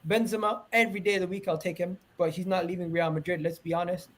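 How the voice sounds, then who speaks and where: A man hosting a casual football podcast, animated and quick to jump in, calling on viewers to like the video. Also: high-pitched. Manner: animated, talks over others, asks the audience to engage. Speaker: podcast host.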